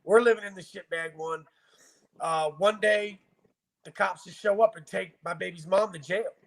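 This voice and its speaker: Man, gravelly voice, bright edge, blunt and profane, casual interview storytelling. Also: high voice, normal speed. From Virginia, US. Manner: blunt, profane, emotional retelling. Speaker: guest telling his life story.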